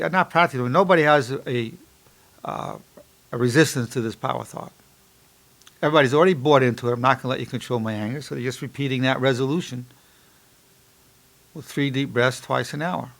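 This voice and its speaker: A psychologist in his sixties giving an instructional lecture, emphatic on key points and slow and soft when guiding an exercise. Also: a little high, vocal fry. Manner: repeats affirmations slowly and softly during exercise.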